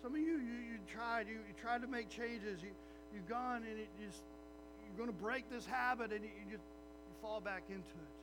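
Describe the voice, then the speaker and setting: A man preaching a sermon as a pastor, animated and acting out little voices of his listeners. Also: high voice, normal speed, background noise.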